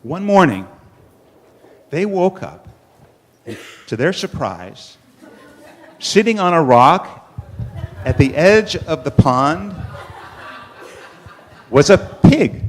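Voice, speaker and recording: A man tells a children's story at a congregation service, his voice rising and falling with lively, swooping intonation. He leans on dramatic pauses and playful emphasis to hold his listeners. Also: a little high, slight background noise.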